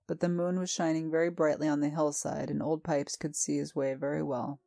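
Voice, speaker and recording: A woman narrating a storybook tale in a calm, measured reading. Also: sits low, vocal fry, no echo, clean studio sound. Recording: faint music behind.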